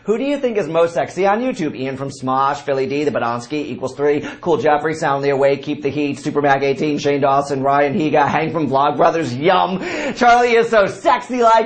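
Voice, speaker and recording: A young man recapping a TV talent show in a campy, gossipy, joking vlog. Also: on the high side. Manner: campy, gossipy, bursts into sung snippets. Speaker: vlogger. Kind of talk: casual comedic TV recap.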